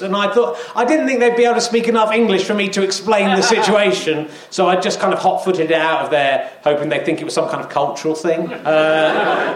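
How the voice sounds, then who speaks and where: High-voiced man hosting a live comedy show. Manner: rambling, self-mocking anecdotes with a laughing delivery. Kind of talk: live stand-up and sketch hosting. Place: live venue with audience. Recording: echoey live venue with audience.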